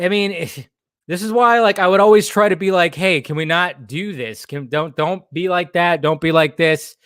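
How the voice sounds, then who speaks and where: A man's voice: a little high, a bit bright, dry recording, studio quality. A young adult man hosting a live stream, ranting in a rambling, profane way with many restarts and bursts of heat. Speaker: host.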